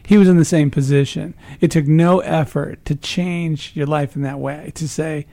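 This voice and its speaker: A man's voice: fairly high pitch, steady tone, moderate pace, vocal fry, hardly any pauses, mellow. A man hosting a casual conversation, reflecting on the guest's story.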